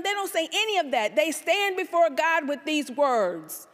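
A woman pastor preaching an animated sermon to a church congregation, full of rhetorical questions and sudden calls out. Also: high voice, normal speed, few pauses. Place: church sanctuary. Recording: live church service in a reverberant hall.

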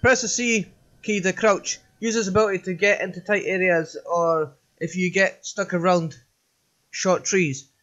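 A man's voice: sits high, fairly even intonation, a little slow, fairly bright tone, dull audio. A man hosting a let's play, chatting and joking as he goes. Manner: chatty, jokey, rambling. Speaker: gaming channel host.

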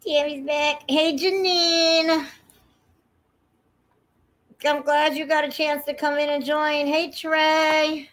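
A woman's voice: high voice, flat delivery, slow pace, pauses often, a bit bright. Chatty, foul-mouthed woman livestreaming. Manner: chatty, profane, greets viewers by name. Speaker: livestream host. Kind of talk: casual livestream chat.

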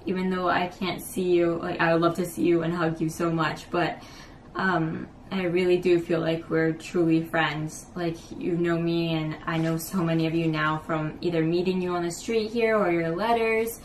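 A young woman vlogging in a small apartment, chatting in a gushing, casual way, sprinkled with "like" and "um". Her voice sits a little low. The camera mic is some way off, so the sound is roomy and distant over a faint hum. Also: flat delivery, moderate pace. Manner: warm, gushing, many fillers and "like". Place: small apartment room indoors.

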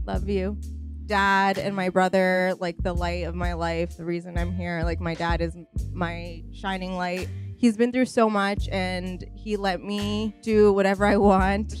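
A woman's voice: fairly low pitch, little pitch movement, measured pace, soft background music. A young woman giving a gushing, grateful bride's speech into a handheld mic in a reception hall, laughing and tearing up. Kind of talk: wedding speech.

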